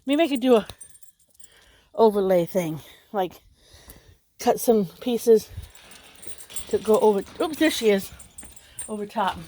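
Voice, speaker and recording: A woman's voice: animated, unhurried, long pauses, warm tone, slight background noise. A woman, chatting casually in a vlog outdoors by her house and talking to her dogs. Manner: chatty, talks to her dogs in a high baby voice. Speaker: vlogger. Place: outdoors around a country house.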